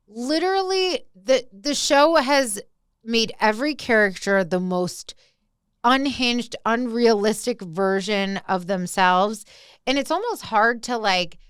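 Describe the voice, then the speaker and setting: A young woman co-hosting a casual pop-culture podcast, animated and peppered with "like". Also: medium pitch, smooth, no echo, clean studio sound. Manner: animated, lots of "like" fillers. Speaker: podcast co-host.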